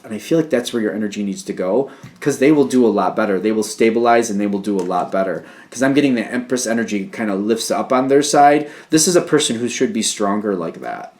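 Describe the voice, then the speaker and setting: A man's voice: fairly low pitch, darkish tone. Rambling male tarot reader. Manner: rambling, intuitive, talks in hunches and energies. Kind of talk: casual tarot reading monologue.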